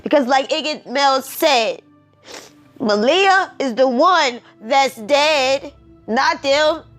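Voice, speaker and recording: Woman, emotional commentary, preachy, repetitive, drawn-out delivery, high-ish voice. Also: expressive, fairly bright tone, faint music behind. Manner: emotional, preachy, repeats herself. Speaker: commentary vlogger.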